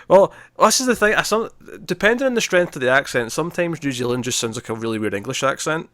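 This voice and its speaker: A man co-hosting a casual movie discussion, chatty and quick to laugh, often correcting himself. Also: on the high side, expressive, fairly bright tone, dry recording, clean studio sound. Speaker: podcast co-host.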